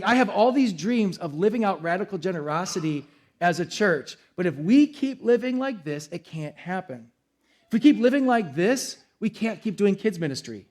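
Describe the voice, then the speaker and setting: A man's voice: high voice, darkish tone. A young adult man preaching a sermon as pastor, in a casual, conversational way with acted-out quotes. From United States.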